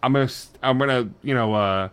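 A man doing a deadpan male killer robot in a podcast bit, speaking low, flat and muttered. The lines come quiet and level, with a mechanical calm and no warmth. He barely shifts his own voice. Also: brisk, clear, resonant tone, lightly acted. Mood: scheming.

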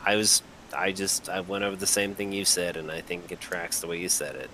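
A man's voice: sits low, level tone, pushed and bright, rough recording. A man co-hosting a podcast in casual, profane chat, often restarting his sentences. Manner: profane, blunt, halting restarts. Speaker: podcast co-host.

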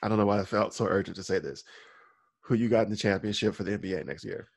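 Casting: man, lowish voice, loose podcast co-host who laughs a lot and restarts thoughts. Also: fast, vocal fry, slightly rough, dry recording. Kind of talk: casual chat.

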